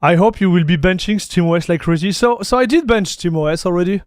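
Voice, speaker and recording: A laid-back Frenchman with a French accent, talking to his stream chat in a high, light voice. He is relaxed and easygoing, calls everyone "dude" and reads messages aloud. The sound is dry and close, with no room echo. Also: fairly quick. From France. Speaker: tech streamer. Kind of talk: casual live-stream chat.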